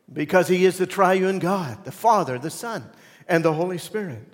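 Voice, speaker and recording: A man preaching a sermon as pastor, moving between loud emphatic lines and hushed, almost whispered ones. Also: high-pitched, moderate pace. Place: church sanctuary. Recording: long reverb of a church hall.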